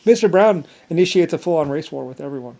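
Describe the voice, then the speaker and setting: A man's voice: fairly high pitch, expressive, fast, vocal fry, dark tone. A man talking alone in a meandering monologue, full of restarts and filler words. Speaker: solo vlogger. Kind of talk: rambling monologue.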